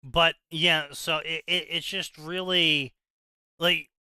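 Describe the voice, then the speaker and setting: Guy rambling and explaining stuff, super bright voice, kinda high. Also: fairly even intonation, slow pace, clean tone, no echo, rough recording. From South Jersey, USA. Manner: rambling, opinionated explaining with frequent restarts. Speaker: podcast co-host. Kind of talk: casual chat.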